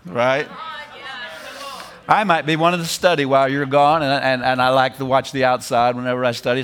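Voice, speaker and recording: A middle-aged man preaching a sermon, animated, repeating phrases and laughing as he drives points home. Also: a little high, slight background noise.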